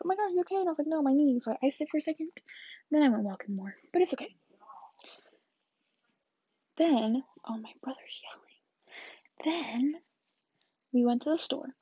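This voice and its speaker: A woman's voice: high voice, moderate pace, creaky, pauses often, warm tone, breathy edge, no echo, dull audio. An eighteen-year-old woman chatting through a rambling vlog story, often dropping into whispered asides. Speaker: vlogger.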